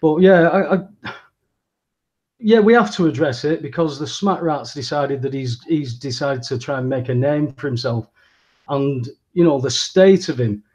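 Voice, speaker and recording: A man's voice: a little high, normal speed, darkish tone. A man, co-hosting a casual podcast, blunt and scornful with heavy swearing. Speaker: podcast co-host. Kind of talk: casual chat.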